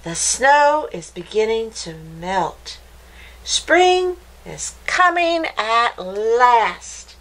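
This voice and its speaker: A woman voicing a gentle mother bunny in a storybook, warm and coaxing. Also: on the high side, very animated, drawn-out words, voice pushed up, exaggerated voice, rough recording. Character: gentle mother bunny waking her child.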